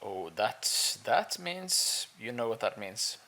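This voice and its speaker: A man's voice: fairly low pitch, very animated, slow pace, bright, forceful tone. A man playing a tabletop game who talks playfully and blurts out odd quips. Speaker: player. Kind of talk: casual tabletop role-play.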